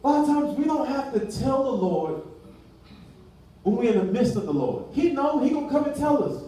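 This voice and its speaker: A man's voice: extremely high pitch, very animated, normal speed, warm tone. A man preaching a sermon in a casual, colloquial way, acting out dialogue as he goes. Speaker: pastor. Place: church hall. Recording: echoey room from far off the mic.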